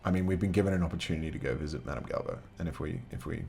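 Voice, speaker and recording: A man with a deep, gravelly voice runs a solo tabletop adventure, reading passages aloud and bantering with chat. His talk stays casual and chatty. Soft music plays faintly behind him. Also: rapid-fire. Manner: chatty, reads game text aloud, talks to chat. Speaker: game master.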